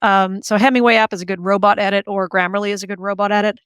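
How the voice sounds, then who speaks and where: A woman author as an interview guest, talking in an animated, chatty way with many fillers and restarts. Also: medium pitch, quick pace, clear, resonant tone, dry recording. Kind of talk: conversational interview.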